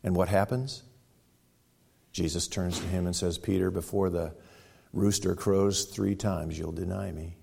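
A man preaching a sermon, retelling a story dramatically, with sudden loud exclamations and quiet, hushed stretches. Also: deep voice, steady tone, unhurried, vocal fry, a little hiss or hum. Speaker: pastor.

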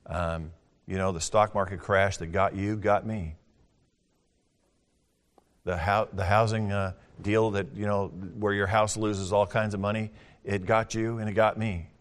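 An older man preaching a sermon as pastor, folksy, moving between booming scripture reading and quiet, chatty asides. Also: little pitch movement, unhurried. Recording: long hall reverb.

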